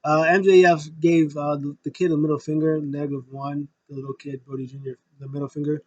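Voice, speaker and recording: A man's voice: on the high side, flat delivery, fast talker, hardly any pauses, dry recording, muffled recording. A man giving a casual, rambling recap of a wrestling show, full of fillers and emotional fan talk.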